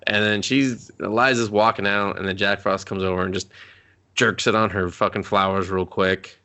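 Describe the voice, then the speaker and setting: A man casually recapping a movie, joking and swearing as he acts out characters in loud, high voices. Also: steady tone, normal speed. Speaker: podcast co-host.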